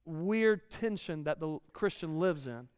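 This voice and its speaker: A man's voice: on the high side, animated, measured pace, a little mellow, smooth, dry recording, clean studio sound, long reverb tail. A man in his thirties preaching a conversational sermon, repeating key lines and rising in volume when he reads scripture.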